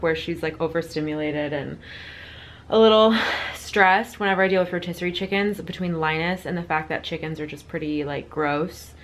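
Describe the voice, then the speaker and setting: This young lifestyle vlogger speaks at normal speed in a low voice with little pitch movement. She talks casually to her camera at home, in the kitchen and indoors, filling in with fillers and making fun of herself.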